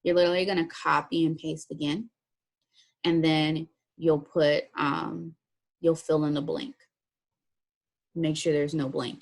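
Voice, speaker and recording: A woman's voice: deep voice, steady tone, unhurried, vocal fry, pauses often, soft background music. A woman teacher walking students through a written assignment step by step, in a plain, practical way. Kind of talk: recorded classroom lesson walkthrough.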